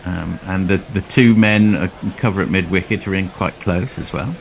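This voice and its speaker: A man from Australia, commentating on cricket in a dry, wry, measured way. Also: low voice, vocal fry, slight background noise. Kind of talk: laid-back cricket commentary.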